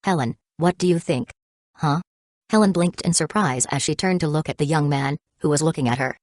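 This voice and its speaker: A vindictive young man speaks with a sweet surface and sarcastic edge, as a woman reader puts him on. His voice sits low and close, with a dry, unroomy sound. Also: a little fast, no room sound, lightly acted. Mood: gentle. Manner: mock-gentle, sarcastic. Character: smiling, vindictive young man who holds grudges.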